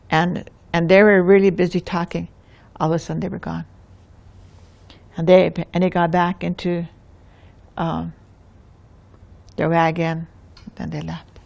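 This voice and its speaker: A woman with a Lakota accent telling a traditional tale in an unhurried way, often restarting phrases. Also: on the low side, gravelly, darkish tone. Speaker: storyteller. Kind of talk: oral storytelling.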